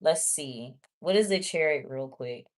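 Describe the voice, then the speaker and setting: A woman's voice: sits low, lively intonation, measured pace, darkish tone. A woman giving a casual tarot reading, chatty and blunt, talking straight to her viewers. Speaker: tarot reader.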